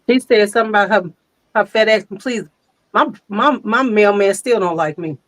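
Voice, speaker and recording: An older woman, hosting a casual chat and telling lively stories, laughing often and acting out quotes. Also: mid-range voice, normal speed, no room sound. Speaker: host.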